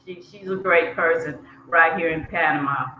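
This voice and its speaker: A woman from South Georgia with a Southern US accent, a podcast guest chatting in an easy, unhurried way and laughing at herself. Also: low-pitched, dull audio. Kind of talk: casual interview chat. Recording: echoey room with faint hiss.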